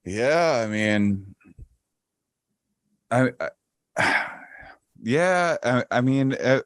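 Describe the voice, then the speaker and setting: A man with a deep, low-pitched voice chats as a podcast guest, unhurried and soothing in his rhythm. He often stumbles and repeats words before settling into a thought. The sound is close and dry, with no room around it. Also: smooth, no echo. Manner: slow, calm, grounding cadence; hesitant restarts, repeated words. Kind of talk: casual chat.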